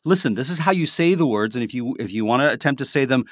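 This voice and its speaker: A man co-hosts a podcast in relaxed conversation. He explains things in an earnest, friendly way. His mid-pitched voice is recorded close and dry. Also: fast, dry recording. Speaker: podcast co-host. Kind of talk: casual podcast chat.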